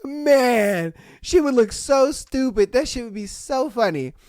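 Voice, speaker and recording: Animated, profane male podcast host. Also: extremely high pitch, unhurried, no room sound, clean studio sound. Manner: animated, profane, acts out rants loudly. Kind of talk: casual podcast commentary and story reading.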